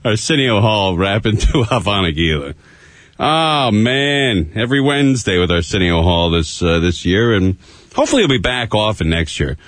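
A man's voice: on the low side, moderate pace, no echo. A man hosting a radio talk show, chatting loosely and laughing often. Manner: laughing, loose, animated banter.

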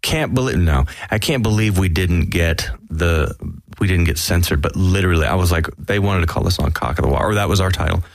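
Low, gravelly man with a raspy voice. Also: a little fast, no room sound. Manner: laid-back and joking, with many fillers. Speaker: guest voice actor and musician. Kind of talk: casual interview.

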